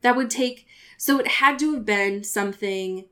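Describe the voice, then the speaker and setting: Mid-pitched woman co-host, casual book talk, blunt swearing reactions. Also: moderate pace, bright, forceful tone. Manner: casual, swears, indignant asides, "like" fillers. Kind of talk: casual chat recapping a novel.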